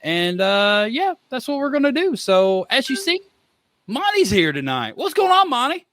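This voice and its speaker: Male podcast host, jokey and jumpy, high lively voice, very animated. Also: moderate pace. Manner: excitable, joking, jumpy delivery. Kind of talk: casual podcast chat.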